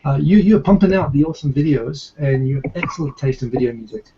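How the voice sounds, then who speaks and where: A man's voice: fairly high pitch, expressive, fast, dark tone, lo-fi sound, slight background noise. A man from New Zealand with a New Zealand accent, hosting a livestream in a rambling casual group chat. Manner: chatty, rambling with restarts. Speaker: livestream host.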